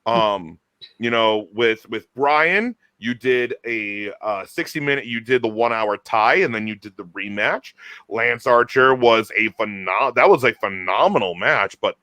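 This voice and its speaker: A man hosting a casual chat, talking in an enthusiastic, animated way with quick restarts. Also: mid-range voice, no room sound. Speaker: podcast host.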